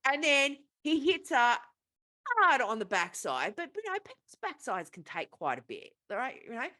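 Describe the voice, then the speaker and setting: A woman's voice: high voice, big pitch swings, normal speed, sharp tone. A woman co-hosting a casual podcast, retelling a film plot in a profane, rambling way. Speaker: podcast co-host.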